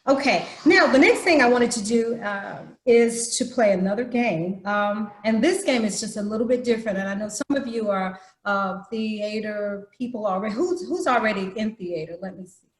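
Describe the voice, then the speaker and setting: A woman's voice: mid-range voice, normal speed, few pauses. Woman leading an online workshop, roomy sound. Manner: explains patiently, breaks into acted demonstrations. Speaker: troop program leader. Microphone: video call.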